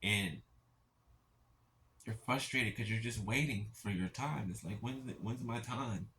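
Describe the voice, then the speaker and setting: A man speaking gently to his viewers in a heartfelt spiritual encouragement talk, halting and repeating himself as he reassures them. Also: fairly low pitch, a little hiss or hum. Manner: gentle, halting, keeps asking "right?".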